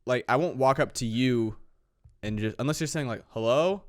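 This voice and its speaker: A man's voice: mid-range voice, normal speed. A young man co-hosting a podcast, telling stories in a casual, playful way. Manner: storytelling, playful, repeats phrases for laughs. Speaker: podcast co-host. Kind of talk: casual chat.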